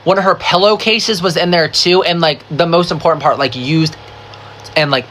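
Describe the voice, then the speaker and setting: A bright, gossipy woman does a get-ready-with-me storytime, animated and profane, stuffed with "like" and speaking directly to the viewer as "girl" and "baby." She has a fairly low pitch and normal pace, over a little hiss or hum.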